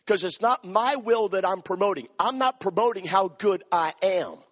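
A man's voice: high voice, normal speed, a bit bright, big-room sound. A man preaching a sermon, emphatic and repeating his key phrases.

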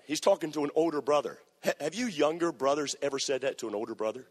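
A man preaching a sermon, animated and playful as he acts out scenes for the crowd. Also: fairly high pitch, fast, few pauses. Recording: echoey hall.

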